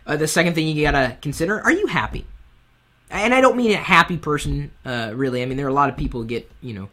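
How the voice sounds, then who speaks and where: Animated high-voiced man hosting a live show. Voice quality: high-pitched voice. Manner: animated, candid, speaks from the heart. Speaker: web show host. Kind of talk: live-streamed advice talk. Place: home studio set with lights. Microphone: boom mic on top of the camera.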